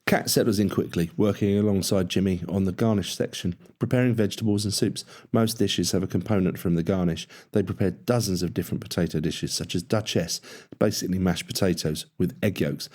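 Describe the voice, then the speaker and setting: Man, very low voice, audiobook narration, steady, measured. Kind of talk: scripted narration.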